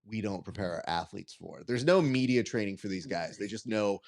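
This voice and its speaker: A man hosting a casual interview podcast, telling stories in an animated, joking way. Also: fairly low pitch, brisk. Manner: animated joking storyteller, acts out quotes. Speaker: podcast host.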